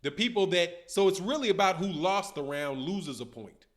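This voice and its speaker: A man in his fifties hosting a boxing livestream, talking in slangy, animated casual commentary and answering viewer chat. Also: high-pitched, normal speed. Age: 50s. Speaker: boxing channel host.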